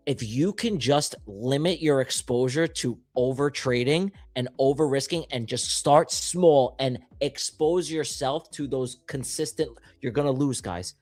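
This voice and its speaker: A man co-hosting a live trading stream, talking in an animated, slangy, hyped way. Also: mid-range voice, dry recording. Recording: faint music in the background.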